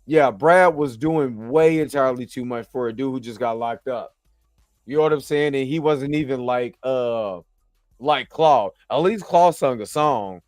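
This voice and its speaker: A man's voice: medium pitch, unhurried, no room sound, studio quality, soft background music. A tired man, yawning after a long work shift, hosting a casual, slang-filled, rambling review of a TV episode. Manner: rambling, slangy, chatty, keeps asking "you know what I'm saying". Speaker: show host reviewing a TV episode.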